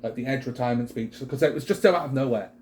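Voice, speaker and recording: A man's voice: mid-range voice, very fast, slight background noise. A British man co-hosting a wrestling chat show, talking casually and rambling with lots of fillers. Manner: rambling, filler-heavy, animated.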